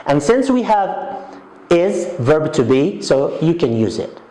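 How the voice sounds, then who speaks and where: Slow, deliberate male English teacher. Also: fairly high pitch, sing-song, mellow. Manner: slow, deliberate explaining with repeated example sentences. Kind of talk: recorded grammar lesson. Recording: echoey room.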